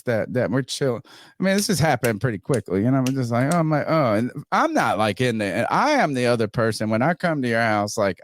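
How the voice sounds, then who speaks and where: A man telling a wild story on a podcast, swearing freely and jumping into loud voices for himself and his friend. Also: medium pitch, no room sound, clean studio sound. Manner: animated, swearing, acts out both sides in raised voice. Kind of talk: casual profane storytelling.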